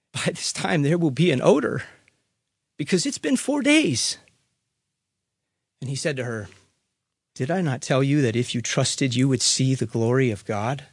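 A male pastor reading scripture and preaching in a slow, measured cadence. His voice sits a little high for a man and sounds close and dry. He swings from hushed, quiet phrases to emphatic, raised lines. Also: no room sound. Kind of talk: gospel reading and sermon.

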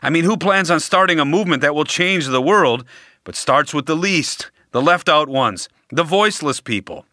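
Male preacher, sermon delivery, bright and forceful tone, slows down for emphasis, dry close sound. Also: fairly high pitch, animated, dry recording. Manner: deliberate, emphatic delivery with dramatic pauses.

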